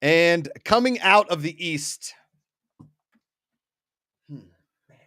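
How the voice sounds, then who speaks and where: A man's voice: a little high, lively intonation, slow pace, bright, forceful tone, no room sound, studio quality. A man in his thirties co-hosting a casual sports chat, rambling through stories in a chatty way. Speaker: co-host.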